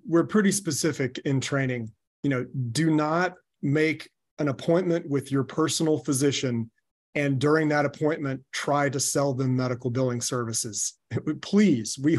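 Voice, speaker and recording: A man training new business owners, explaining sales steps and telling anecdotes with some fillers. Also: on the high side. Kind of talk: business presentation.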